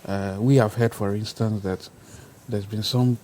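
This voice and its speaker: A man makes his case on a studio panel in a low, mellow voice. He lays out his argument point by point and presses on it. Faint ambient noise runs underneath. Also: steady tone, unhurried, poor audio. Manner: argumentative, builds points step by step. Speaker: panel guest, civil society voice. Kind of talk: studio debate.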